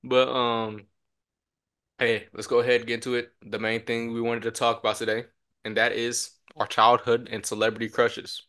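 Young guy cohost telling a story, animated, does all the voices, mid pitch. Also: moderate pace. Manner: animated storyteller, acts out quotes with shouts. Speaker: podcast co-host. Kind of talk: casual storytelling chat.

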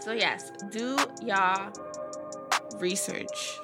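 A woman's voice: medium pitch, very slow, loud music behind the voice. A woman hosting a casual solo podcast, talking frankly and chattily and swearing now and then. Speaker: podcast host.

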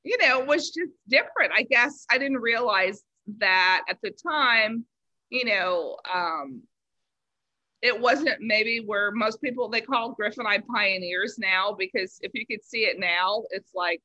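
A woman's voice: a little high, unhurried, sharp tone, no echo, lo-fi sound. A woman from Los Angeles with a slight Southern lilt, chatting as an interview guest and filling her talk with "you know.". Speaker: guest, baker. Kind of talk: casual interview chat.

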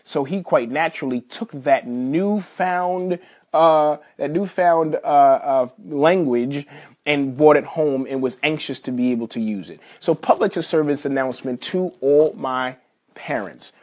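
A man in his thirties hosting a podcast, casually telling a family story in a folksy, animated way and talking straight to his listeners. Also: fairly high pitch, a little slow. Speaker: podcast host.

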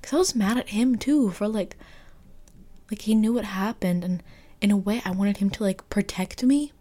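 A young woman telling a personal story in a casual, expressive podcast monologue, full of fillers and the odd swear word. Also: mid-range voice, normal speed. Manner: chatty, expressive, lots of fillers and mild swearing. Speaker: podcast host.

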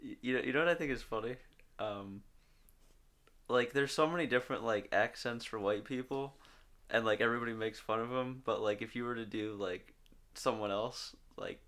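A man's voice: medium pitch, normal speed, fairly bright tone. A young man co-hosting a podcast, laid-back and rambling in casual chat. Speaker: podcast co-host.

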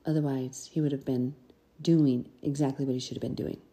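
A woman's voice: extremely low pitch, fairly even intonation, fairly quick, mellow. A woman hosting a podcast, reading scripture and commenting in an earnest, conversational way. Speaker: podcast host.

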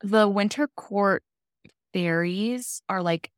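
A young woman co-hosting a casual podcast, chatty and animated as she recaps a fantasy plot with lots of "like". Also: mid-range voice, slow pace, dry recording, clean studio sound. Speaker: podcast co-host explaining fantasy books. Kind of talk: casual chat.

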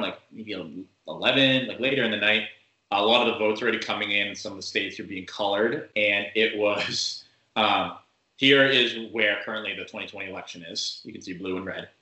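A man's voice: fairly low pitch, bright, forceful tone, roomy sound, low-quality recording. A man from Massachusetts chatting casually, rambling with lots of fillers. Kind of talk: casual chat.

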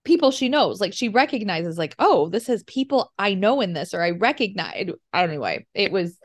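A middle-aged woman, a mother, telling a family story in casual chat over a video call, animated and laughing often. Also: medium pitch, moderate pace. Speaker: podcast co-host, mother.

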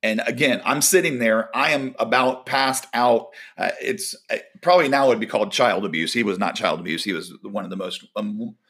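Gravelly-voiced man telling a devotional story. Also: fairly low pitch, normal speed, few pauses, a bit bright. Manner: storytelling, acts out quoted dialogue. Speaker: volleyball coach. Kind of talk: casual devotional talk.

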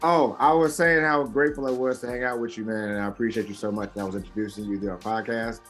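A man hosting a wrestling podcast in casual chat, excitable, with loud bursts and repeated restarts, over faint music. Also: fairly low pitch, fast talker. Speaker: podcast host.

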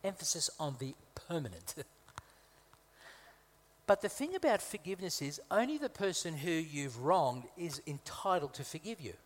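A man's voice: on the high side, very animated, normal speed. A man from Malta, a guest preacher, delivering a conversational sermon with humorous asides and emphatic repetition. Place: church hall. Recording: reverberant hall.

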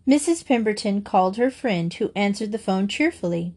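A woman reads a children's chapter book aloud, gentle and even. Her voice is at a plain middle pitch, unhurried and clear. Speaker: narrator. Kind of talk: storybook read-aloud.

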